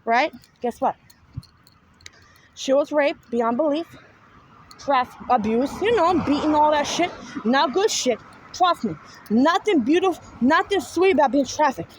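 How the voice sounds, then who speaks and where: High-voiced New York woman, rambling. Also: lively intonation, unhurried, pauses often, slight background noise, low-quality recording. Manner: profane, repetitive, rambling, insistent. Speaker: spiritual vlogger. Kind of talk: rambling monologue to viewers.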